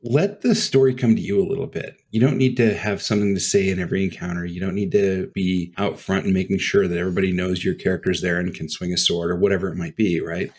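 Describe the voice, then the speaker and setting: A man's voice: deep voice, steady tone, fast talker, hardly any pauses, a little mellow, husky. A man co-hosting a podcast in casual chat, thoughtful and explanatory. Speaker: podcast co-host.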